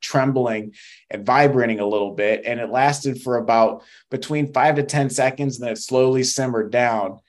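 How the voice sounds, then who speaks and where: A man's voice: mid-range voice, darkish tone. Earnest young man sharing his testimony. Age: young adult. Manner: earnest, emotional storytelling with fillers. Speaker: podcast guest. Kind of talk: testimony in casual interview.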